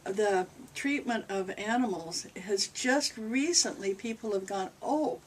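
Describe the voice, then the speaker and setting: A woman's voice: medium pitch, a little slow. Older woman rambling through a spiritual Q&A. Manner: rambling, conversational, relays a spirit's answers. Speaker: channeling reverend. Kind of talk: spiritual Q&A talk to a group. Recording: distant mic with faint noise.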